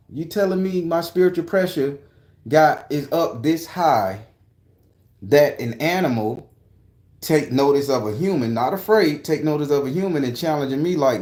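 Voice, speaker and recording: Excitable, profane man telling a story. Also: fairly high pitch, moderate pace, reverberant. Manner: excitable, profane, rambling with restarts. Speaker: vlogger. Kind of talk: animated personal storytelling. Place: outdoors in a park.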